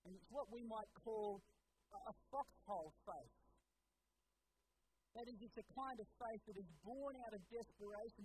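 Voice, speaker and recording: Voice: mid-range voice, a little hiss or hum, low-quality recording. A pastor giving an earnest sermon, speaking straight to the congregation with rhetorical questions. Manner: earnest, addresses listeners directly with rhetorical questions.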